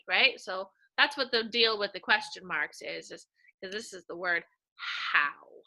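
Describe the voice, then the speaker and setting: Bright-voiced slow, sing-song woman teacher. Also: medium pitch. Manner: slow, sing-song and animated, points to pictures. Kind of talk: early-reading lesson for young children.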